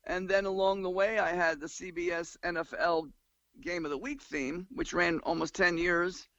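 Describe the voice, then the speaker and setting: A man's voice: high voice, normal speed, dry recording. An older man from New York with a Long Island accent, telling stories as a musician guest in a casual interview and humming tunes as he goes. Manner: animated, sings and hums tunes mid-story. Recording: dull lo-fi dry sound.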